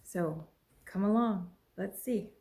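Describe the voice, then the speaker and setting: A woman vlogging as she unboxes a package at home, gushing and exclaiming excitedly over each item. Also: medium pitch, slow pace, gravelly. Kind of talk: casual unboxing vlog. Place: at home with a pet. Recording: echoey room.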